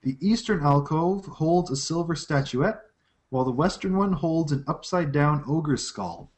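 A man narrates a tabletop game as its game master, his voice pitched a little high and moving up and down a lot. He describes the scene at length and often stumbles and restarts mid-sentence. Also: expressive, moderate pace, a little mellow, husky.

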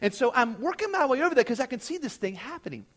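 A middle-aged pastor preaches through a personal story, checking in with his listeners as he goes. His voice sits high for a man and rises and falls widely. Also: fast. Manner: animated storytelling, often checking in with "okay?". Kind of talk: sermon.

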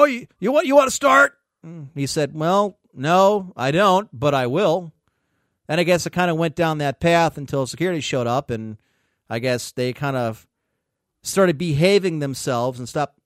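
Guy host rambling a story, swoopy kinda high voice, swears a lot, dry mic. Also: no echo. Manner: animated, profane, quotes others in raised voices. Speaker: podcast host. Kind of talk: casual storytelling.

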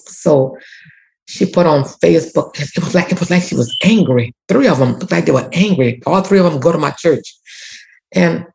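A woman's voice: deep voice, expressive, moderate pace, gravelly, darkish tone, low-quality recording. A woman, a community activist and former teacher, telling a personal story earnestly with many restarts. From Louisiana. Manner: earnest, repetitive restarts, prayerful.

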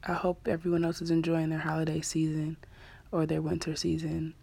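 A young woman in her twenties, a graduate student hosting her own podcast, chatting casually and candidly with lots of fillers, sometimes dropping to a soft half-whisper. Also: low-pitched, completely flat delivery, fairly quick, vocal fry, slightly rough. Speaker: podcast host. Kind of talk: casual solo podcast chat.

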